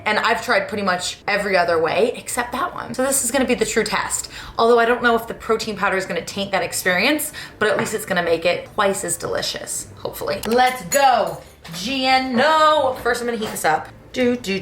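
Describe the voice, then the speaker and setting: A woman vlogger in casual chat, venting in a self-deprecating way and jumping around in pitch as she talks. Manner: animated, with sudden jumps in pitch.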